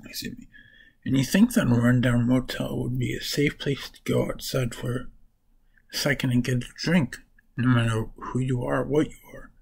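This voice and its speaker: A man's voice: medium pitch, fairly even intonation, moderate pace, creaky, a little mellow, breathy edge, poor audio. A man casually summarizing comic books for his vlog, rambling and correcting himself as he goes. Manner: rambling, restarts and corrects names while summarizing. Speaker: comic book reviewer.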